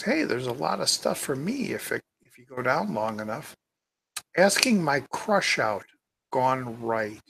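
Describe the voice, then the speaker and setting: Brief: male channel host, tired and rambling, gravelly, slow, lively pitch swings. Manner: rambling, reads comments aloud, muttering asides. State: tired, yawning. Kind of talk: casual live-stream chat.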